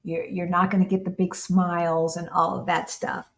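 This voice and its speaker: A chatty American woman co-hosts a casual livestream, her voice sitting a little low. She reads out viewer questions and answers them in a lively, conversational way. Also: normal speed. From United States. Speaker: co-host of a livestream.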